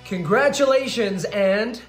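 A man's voice: sits high, slow pace. A man giving a playful congratulations greeting in a recorded video message, ticking points off like a list. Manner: playful, list-style delivery. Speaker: well-wisher in a video message. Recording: roomy self-recorded video with faint music.

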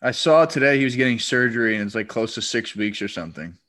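A man co-hosting a podcast, chatting in a relaxed way and filling his sentences with "like.". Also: mid-range voice, fast. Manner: relaxed, heavy use of "like". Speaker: podcast co-host. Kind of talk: casual chat.

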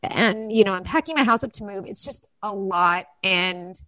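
A woman's voice: mid-range voice, normal speed, sharp tone, dry recording, poor audio. A woman in her thirties co-hosting a podcast, speaking earnestly and emotionally about her week. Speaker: podcast co-host. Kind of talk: casual chat.

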